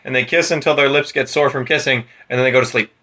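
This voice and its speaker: A man's voice: mid-range voice, fast talker. A man co-hosting a podcast and recapping a book in a comedic, sweary, easily agitated way. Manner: animated, sweary, easily worked up. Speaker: podcast co-host.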